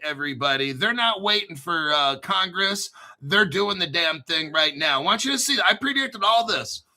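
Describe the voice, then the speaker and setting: A middle-aged man with a New Jersey accent, hosting a casual crypto talk show in an excitable, profane, rambling way. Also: sits high, moderate pace. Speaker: crypto channel host. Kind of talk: casual livestream chat.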